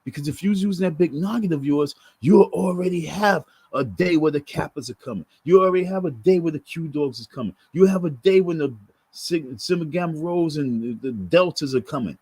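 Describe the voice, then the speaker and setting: A man's voice: on the high side, fairly quick, darkish tone, breathy edge, dry recording. A man ranting to camera in a profane, scolding monologue, hammering his points through repetition. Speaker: vlogger.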